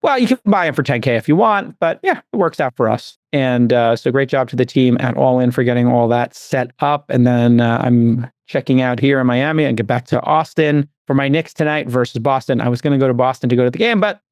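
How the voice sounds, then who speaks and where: A man hosting a podcast, rattling through rambling stories at a quick clip. His delivery is animated and chatty, with a dry, close studio sound. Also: mid-range voice, dry recording. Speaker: podcast host. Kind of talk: casual chat.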